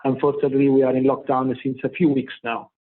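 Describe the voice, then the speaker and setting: A man's voice: mid-range voice, monotone. Italian-accented man on a tinny line. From Italy. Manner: halting, many "uh" pauses. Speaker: company CEO guest. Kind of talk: remote interview. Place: home office in Milan.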